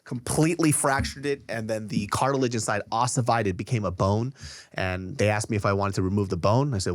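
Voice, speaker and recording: A man's voice: fairly low pitch, fast, dry recording. A man in his thirties from California, telling stories in casual, profane podcast chat with frequent laughs. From Sacramento, California. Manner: animated storyteller, swears freely, laughs often. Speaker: podcast guest.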